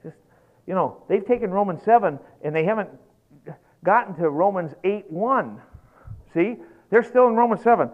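A man preaching a sermon in an animated, folksy way, getting worked up as he goes. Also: high-pitched, normal speed, long pauses. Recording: tinny lo-fi phone-like recording.

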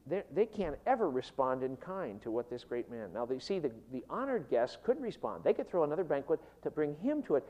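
A man delivering an expository sermon in a slightly raised voice. His pitch swings widely as he teaches. He rushes through asides and slows down to stress key phrases. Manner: animated, emphatic, with quick rushes and slow stressed phrases. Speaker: preacher teaching on a parable.

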